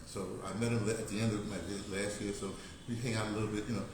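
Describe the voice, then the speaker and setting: A fairly low, flat voice delivers this fast monologue from an older American vlogger. He rambles casually, wanders off on tangents, laughs often and restarts many times, all in a very echoey room with slight background noise.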